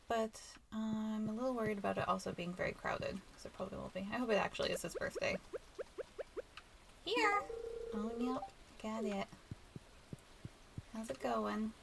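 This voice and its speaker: A woman with a nasal, stuffed-up voice, chatting softly and rambling as she hosts a relaxed game playthrough. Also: medium pitch, creaky, a little hiss or hum, rough recording. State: stuffy nose. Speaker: let's play host. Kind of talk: relaxed gameplay commentary.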